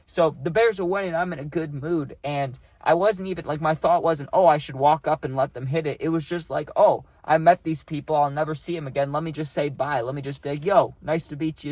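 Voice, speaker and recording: A man's voice: on the high side, darkish tone, dry recording. A young man casually telling a rambling story, full of fillers and acted-out quotes.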